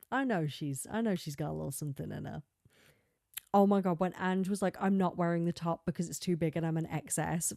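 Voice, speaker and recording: A lower-pitched woman talks through her solo podcast in a loose, rambling way, stacking filler words and breaking into laughs. Her voice is close and dry, with almost no room sound. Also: warm tone, no room sound. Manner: chatty, rambling, peppered with "like" and laughs. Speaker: podcast host. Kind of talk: casual solo podcast chat.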